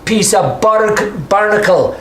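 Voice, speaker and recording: A man doing a gruff old shouting guide. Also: sits high, takes it slowly, echoey room, slight background noise, voice pushed up. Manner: shouting orders.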